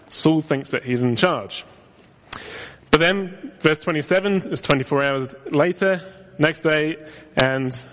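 A man preaching an expository sermon, telling the story with lively emphasis on quoted lines. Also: mid-range voice. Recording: long hall reverb.

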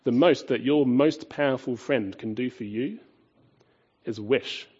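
Husky, mellow male preacher, dull recording. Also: medium pitch, a little slow. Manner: emphatic, with rhetorical questions and swings between loud and quiet. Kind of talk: sermon.

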